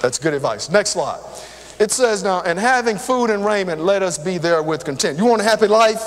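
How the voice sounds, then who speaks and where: Older male preacher, lively storytelling sermon, high pitch, echoing church hall. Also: brisk. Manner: lively, conversational, talks straight to the crowd. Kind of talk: sermon with personal stories. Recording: long hall reverb.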